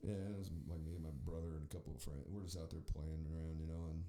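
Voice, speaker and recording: A man's voice: very deep voice, level tone, fast talker, warm tone, roomy sound, slight background noise. A man hosting a podcast, riffing in a rambling, profane, mocking way and acting out voices as he tells stories. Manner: rambling, profane, mocking storyteller who acts out quoted voices. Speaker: podcast host. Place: podcast studio.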